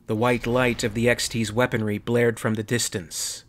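A man's voice: medium pitch, flat delivery, normal speed, hardly any pauses. A man narrating a sci-fi story in a dramatic storytelling manner. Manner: dramatic storytelling, voicing every character. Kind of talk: audiobook fan fiction reading.

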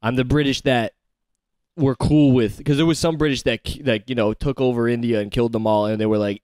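A man's voice: medium pitch, fairly even intonation, quick pace, a little mellow, smooth, no room sound. Young guy hosting a podcast, swears a lot, lots of likes and ums, dry close mic. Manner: rambling, profane, filler-heavy. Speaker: podcast host. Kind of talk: casual comedic chat.

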